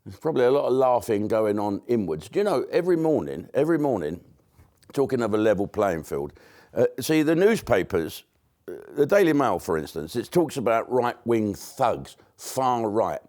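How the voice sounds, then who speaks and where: A man's voice: mid-range voice, sing-song, moderate pace, darkish tone. An older English man, a comedian, delivering a blunt, rambling monologue to camera with frequent swearing and restarts. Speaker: comedian commentator.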